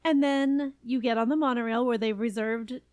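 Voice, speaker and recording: A woman's voice: on the high side, fairly even intonation, moderate pace, darkish tone, no room sound. A woman from California co-hosting a podcast in casual, enthusiastic chat. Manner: chatty, enthusiastic, laughs often. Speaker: podcast co-host.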